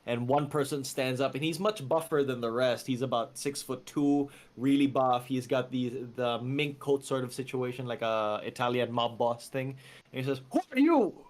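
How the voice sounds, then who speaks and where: A man runs a tabletop game, narrating scenes casually with plenty of "like" and "sort of". His voice sits at a middle pitch and his pace is easygoing. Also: moderate pace. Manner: relaxed, loose narration with fillers. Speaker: game master.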